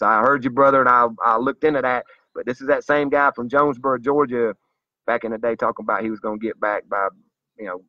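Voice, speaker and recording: Here a vlogger addresses his audience head-on in an earnest, zealous, preachy speech. His mid-range voice has a fairly bright tone with no echo, though the lo-fi recording comes across slightly dull.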